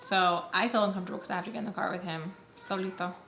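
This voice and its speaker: A woman tells her viewers a personal story in a chatty, dramatic vlog style. Her voice sits in a middle pitch, recorded in an echoey room. A faint hiss of noise is heard behind her. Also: steady tone, racing, creaky, a bit bright. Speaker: storytime vlogger. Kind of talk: casual storytime chat.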